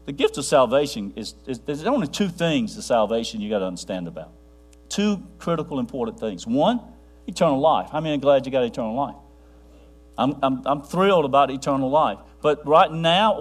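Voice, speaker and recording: Man, pastor, sermon, rambling, restarts, goes hushed, mains hum in the background. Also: mid-range voice. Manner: rambling with restarts, drops to a near hush for quiet points.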